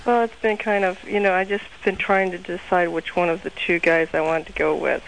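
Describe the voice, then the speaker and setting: Young woman caller on a radio show, flat and hesitant, faint hiss on the line. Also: on the low side, fairly quick, poor audio. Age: 20s. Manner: flat, hesitant and soft-spoken. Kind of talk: call-in radio chat.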